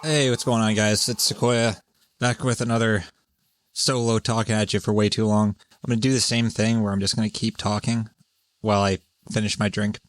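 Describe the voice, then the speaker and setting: A man's voice: lowish voice, flat delivery, normal speed. A man hosting a casual solo podcast, rambling, swearing and laughing as he rants. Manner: rambling, profane, exasperated; laughs often while talking. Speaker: podcast host.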